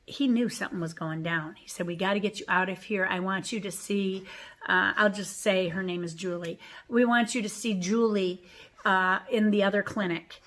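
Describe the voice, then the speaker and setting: A woman's voice: medium pitch, fairly even intonation, moderate pace, fairly bright tone. A middle-aged woman vlogging a personal story in casual chat, emotional and retelling conversations in quoted voices.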